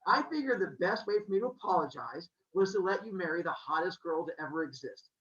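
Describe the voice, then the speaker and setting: A man's voice: high voice, animated, brisk, fairly bright tone. Zeus, smug bossy king of gods put on by a man. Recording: echoey dull room sound.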